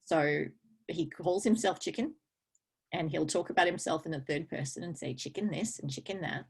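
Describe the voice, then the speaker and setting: Husky, chatty woman. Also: low-pitched. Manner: chatty, laughs often, halting with fillers. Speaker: guest. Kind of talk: casual conversation.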